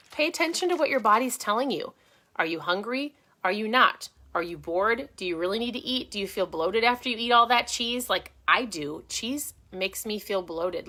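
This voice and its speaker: A woman's voice: medium pitch, bright, forceful tone. A middle-aged woman hosting a casual live stream from her home, giving chatty, encouraging diet tips and often restarting her sentences. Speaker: host of a keto diet channel.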